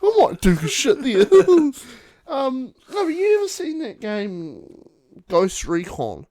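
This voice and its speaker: A man's voice: very high voice, wildly swooping pitch, a little slow, a little mellow. A young man with a New Zealand accent, co-hosting a casual podcast and telling a story, swearing and laughing as he goes. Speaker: podcast co-host. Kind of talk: casual chat.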